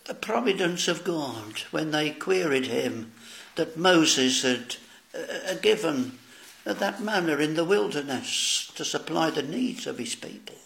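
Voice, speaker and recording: A man with a slightly high, animated voice, bright in tone with some vocal fry, preaches a solemn sermon. He speaks slowly, addresses "dear friends," and quotes scripture in archaic phrasing.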